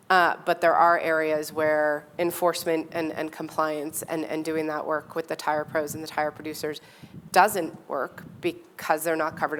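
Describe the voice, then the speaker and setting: A woman official answering questions on a panel at a public meeting, measured and explanatory. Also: low-pitched, a little hiss or hum. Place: meeting hall.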